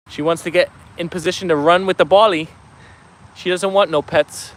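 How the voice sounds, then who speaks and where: A man's voice: high-pitched, steady tone, moderate pace. A man hosting a dog livestream outdoors, reading viewer comments aloud in a casual, friendly way. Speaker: dog channel livestream host. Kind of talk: casual live-chat reading. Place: outdoors with dogs.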